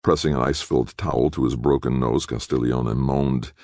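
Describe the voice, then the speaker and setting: A man reading a thriller aloud as an audiobook narrator, measured and even. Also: very deep voice, no echo, studio quality. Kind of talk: scripted narration.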